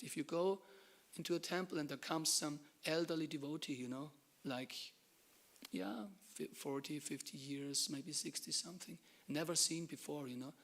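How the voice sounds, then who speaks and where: A man from Germany, giving an animated devotional class talk and dropping to hushed asides. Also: fairly high pitch, slightly rough. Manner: animated storytelling, acts out dialogue, drops to hushed asides. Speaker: temple lecturer.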